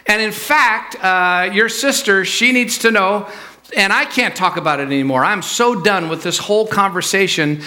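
A weary old father speaks bluntly and sounds worn out by the whole business. A man plays him in a bright, slightly raised voice. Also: a little high, fairly even intonation, brisk. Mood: exasperated. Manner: blunt, exasperated.

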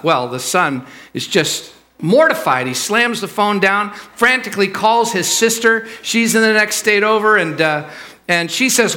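A man's voice: sits high, lively intonation, a little slow, bright, forceful tone. A man preaching a sermon in a church sanctuary, telling it as a loose, conversational story with fillers and restarts. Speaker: pastor.

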